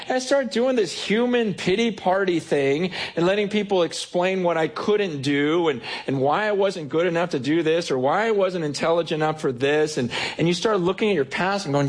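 Guy preaching a sermon, kinda husky, a bit high, talks to the crowd like a chat and acts out voices. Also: fairly quick. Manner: conversational, animated, acts out inner voices. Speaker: pastor. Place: church stage.

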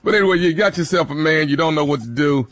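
A man's voice: fairly high pitch, quick pace, a bit bright. A man co-hosting, giving casual, laid-back advice with a joking, rambling delivery. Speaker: radio co-host.

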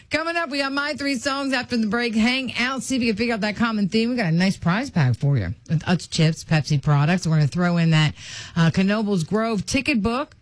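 A woman radio host chatting on air, telling a story in an animated way and acting out what people said. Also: mid-range voice, brisk, no echo. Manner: animated storytelling, acts out quotes. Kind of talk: casual radio chat.

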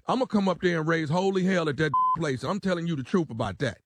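A man's voice: on the high side, lively intonation, fast, background noise. A man calling in to complain, rambling, indignant and threatening. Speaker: caller. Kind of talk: complaining phone call.

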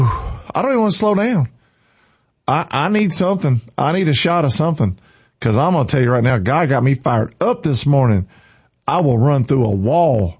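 Breathless, fired-up radio host. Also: male voice, medium pitch, expressive, moderate pace, muffled recording. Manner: fervent, preachy, shouting bursts of exhortation. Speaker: morning show radio host. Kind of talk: fired-up Christian radio morning show talk.

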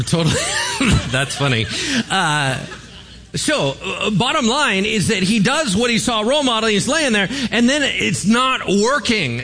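A man's voice: sits high, sharp tone. Pastor guy preaching, chatty and jokey, keeps asking the crowd stuff. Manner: conversational, joking, asks the audience questions. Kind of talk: sermon.

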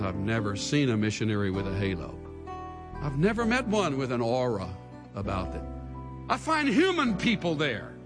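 A man preaching a sermon with dramatic delivery, moving from hushed lines to shouts. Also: high voice, big-room sound. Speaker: pastor.

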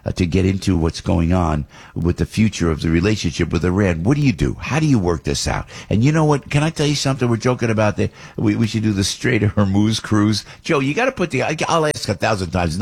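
Radio host guy rambling on, gravelly and kinda husky, lowish voice, gets all excited. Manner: rambling, excitable, laughs a lot. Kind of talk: casual radio banter.

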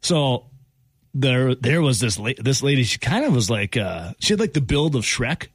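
A man's voice: medium pitch, moderate pace, slightly rough, dry recording. A man hosting a radio show, telling a funny story in casual chat and laughing as he goes. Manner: animated, laughing anecdote teller.

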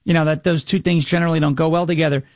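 A man's voice: on the high side, flat delivery, very fast, a little mellow, no echo. A man hosting a radio and podcast show, talking casually and sarcastically and mocking his opponents. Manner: mocking, sarcastic, mimics opponents in whiny voices. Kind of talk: casual commentary monologue. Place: Tennessee.

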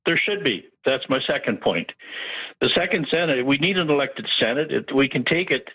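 Male caller on a tinny phone line, emphatic, rambling, mid-pitched. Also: animated, normal speed, slightly rough.

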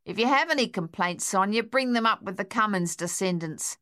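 A woman's voice: medium pitch, animated, a little fast, pushed and bright. Woman voicing a tart, spry old woman. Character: sharp-tongued old woman, spry and wry. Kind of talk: audiobook character voice.

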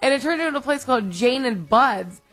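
A woman's voice: high voice, fairly quick, soft background music. A woman co-hosting a radio show in casual chat, telling stories animatedly and acting out what people said. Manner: animated storyteller, acts out quotes. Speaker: radio co-host.

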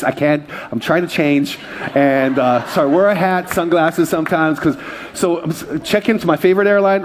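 A male pastor from Hawaii preaching a sermon, telling self-deprecating stories to his congregation. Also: medium pitch. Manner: self-deprecating, jokey storyteller. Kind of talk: sermon with humorous personal stories.

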